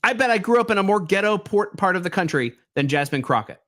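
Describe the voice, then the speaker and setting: Mocking guy ranting over clips, goes quiet then loud, real bouncy pitch. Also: expressive, fast. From Southwest Baltimore, US. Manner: sarcastic, mocking, swings between mutters and loud outbursts. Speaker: commentary show host. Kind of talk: reaction commentary.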